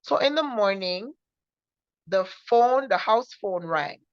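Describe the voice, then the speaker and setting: A woman sharing her personal testimony in an earnest, halting way, often repeating herself and restarting. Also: medium pitch, expressive, no room sound. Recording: dull lo-fi recording.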